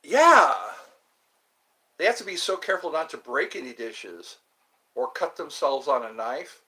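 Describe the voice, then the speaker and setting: A man's voice: mid-range voice, lively intonation, moderate pace, a bit bright. A man streaming live, rambling and joking as he chats with his viewers. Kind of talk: casual live-stream chat.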